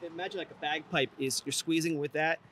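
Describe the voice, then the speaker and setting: Fast-talking music teacher guy, slightly high voice, soft coaching tone. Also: steady tone, a little hiss or hum. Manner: gentle coaching, soft-spoken instructions. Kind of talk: casual interview. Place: outdoors on location.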